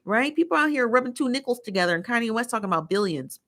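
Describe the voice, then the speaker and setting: A woman's voice: on the high side, animated, quick pace, a bit bright. An American woman hosting a casual livestream, reading viewer comments aloud and ranting in an exasperated, opinionated way, repeating herself for emphasis. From United States. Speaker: livestream host.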